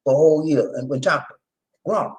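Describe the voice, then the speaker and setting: A man's voice: fairly high pitch, fairly quick, a little hiss or hum. A man from Charleston, South Carolina with a Gullah Geechee accent, hosting a casual live stream and reading viewer comments aloud. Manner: animated, laughing, reads chat aloud. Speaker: channel host.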